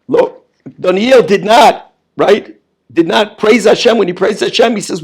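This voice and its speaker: Male rabbi teaching, emphatic, lively high pitch, gravelly. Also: moderate pace. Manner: emphatic, repeats words, rhetorical questions. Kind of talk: Torah lesson.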